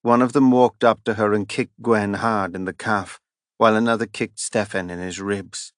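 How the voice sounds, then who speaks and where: A man narrating a fantasy audiobook in an even, measured reading. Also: fairly low pitch, dry recording, studio quality.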